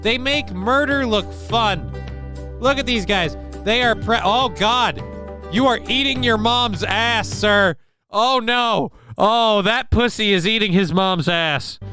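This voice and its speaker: A man's voice: sits high, takes it slowly, sharp tone, soft background music. A man hosting a late-night livestream, chatting casually and cracking crude jokes over clips. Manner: crude joking, acts out voices. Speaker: show host.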